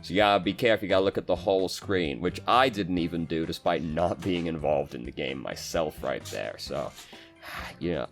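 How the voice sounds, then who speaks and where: A young man casually commentating over gameplay as a coach, relaxed, with frequent fillers and casual swearing. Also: deep voice. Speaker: game coach reviewing gameplay.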